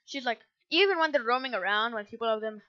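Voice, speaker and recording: A woman's voice: on the high side, expressive, fast talker, no echo. Sarcastic woman rambling through a movie recap. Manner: sarcastic, rambling, self-correcting. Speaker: movie reviewer. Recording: dull lo-fi dry recording.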